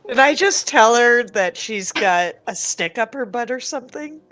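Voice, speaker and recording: A woman's voice: a little high, animated, moderate pace, fairly bright tone. A woman playing a tabletop game, joking about her character in stumbling, amused speech. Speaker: player. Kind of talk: casual tabletop game banter.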